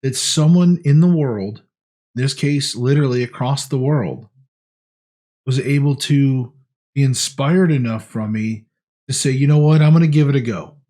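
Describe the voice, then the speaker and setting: A man's voice: mid-range voice, normal speed, dark tone. Earnest rambling man vlogging. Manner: earnest, rambling, many restarts. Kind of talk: casual diet vlog.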